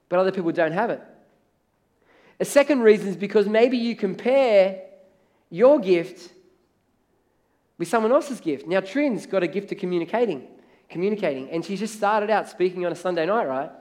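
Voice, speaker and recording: A man's voice: high-pitched, a little mellow. A middle-aged man preaching a sermon as pastor, in a conversational way, acting out the voices of the people he quotes.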